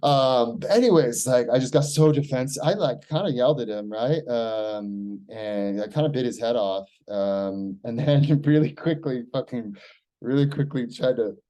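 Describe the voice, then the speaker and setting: An American man from the United States, a vlogger keeping a spoken personal log, talks in a loose, rambling monologue, swearing freely and filling with "like" and "right?". His voice is medium-pitched and dark at a normal speed.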